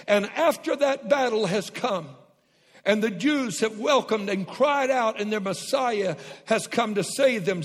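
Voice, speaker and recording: A man with a high voice preaches fervently from a large church auditorium, calling out to his congregation. His words ring with a long hall reverb. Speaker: pastor. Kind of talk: sermon.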